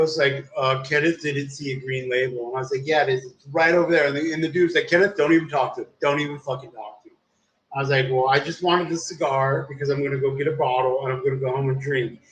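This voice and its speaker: A young man with a voice pitched a bit high tells a long, winding story in loose, casual talk. He swears freely and drops "dude" into nearly every sentence. The room around him rings with echo. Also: fairly bright tone. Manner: profane, rambling, says "dude" constantly. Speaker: live streamer. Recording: echoey room.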